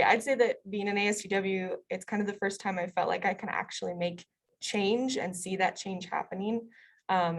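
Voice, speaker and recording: A woman's voice: mid-range voice, gravelly. Woman, student town hall host, upbeat casual announcements, many ums.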